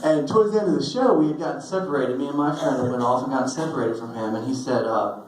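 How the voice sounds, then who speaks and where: A young man giving a personal eulogy, telling stories with halting restarts and fillers, recorded on a phone in a funeral hall. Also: mid-range voice, a little mellow, a little hiss or hum. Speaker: eulogy speaker. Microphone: phone recording from the audience.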